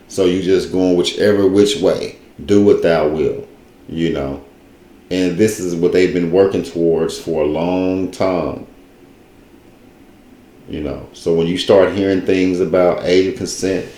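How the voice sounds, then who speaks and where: A man's voice: deep voice, warm tone, roomy sound, slight background noise. A man giving loose, casual commentary, rambling and correcting himself as he goes. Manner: rambling, informal, restarts and self-corrections. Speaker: video commentator.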